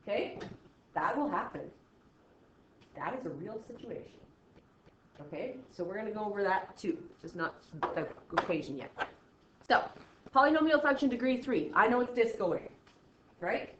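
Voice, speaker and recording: A woman's voice: mid-range voice, big pitch swings, moderate pace, long pauses, slight background noise. A woman teacher explaining math in a chatty way, often checking in with "okay?" and acting out student reactions. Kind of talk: recorded classroom math lesson. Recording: slightly dull, roomy recording.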